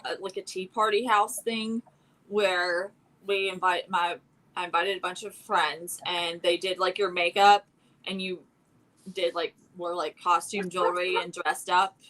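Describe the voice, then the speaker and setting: Woman, bright voice, lots of likes and uhs, casual chat. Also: on the low side, rough recording. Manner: hesitant, many fillers.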